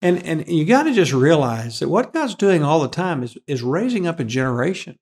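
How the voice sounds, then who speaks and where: A man's voice: a little high, sing-song, a little fast, darkish tone. A man, a pastor, giving an earnest, emphatic Bible teaching and repeating key phrases for weight.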